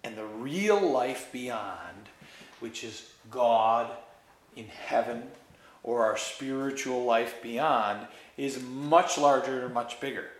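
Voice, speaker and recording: A man reading a story aloud and preaching on it, expressive and emphatic, in a roomy space. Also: mid-range voice, slow. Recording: echoey room.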